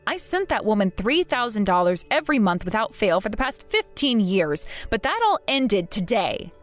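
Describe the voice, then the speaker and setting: A woman speaking firmly and coldly as a daughter cutting off her family in an animated story. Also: mid-range voice, moderate pace, soft background music. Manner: firm and cold. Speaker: narrating daughter.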